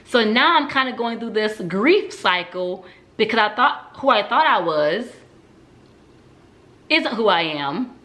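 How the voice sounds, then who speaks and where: Speaking unhurriedly but very animatedly, a woman with a sharp, medium-pitched voice tells her personal story. The testimony is candid and reflective, with lots of "um"s.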